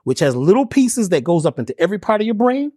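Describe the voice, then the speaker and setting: A man's voice: sits high, very animated, fast, mellow, no room sound, clean studio sound. A man being interviewed who teaches in an emphatic, preacherly way, firing off rhetorical questions and slang. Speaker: guest, spiritual healer and herbalist.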